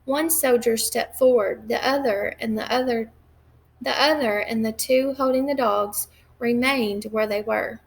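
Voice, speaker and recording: Woman reading a novel aloud, slightly gravelly. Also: fairly high pitch. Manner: measured, occasional slips and restarts. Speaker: reader.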